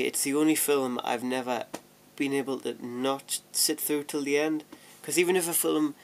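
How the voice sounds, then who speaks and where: A young vlogger sorts DVDs at home, chatting in a rambling, self-deprecating manner with frequent laughter and restarted sentences. His mid-range voice is gravelly, with slight background noise.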